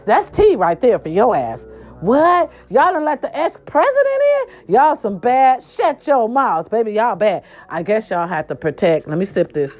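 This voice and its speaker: Sassy hoarse woman dishing gossip. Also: medium pitch, dull audio. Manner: sassy, animated, swears freely. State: hoarse from a sore throat. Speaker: host. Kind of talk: casual gossip talk show.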